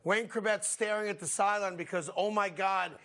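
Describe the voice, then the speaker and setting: A man hosting a sports talk show, telling football stories in an animated way and laughing often. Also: high-pitched, fairly quick. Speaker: sports radio host.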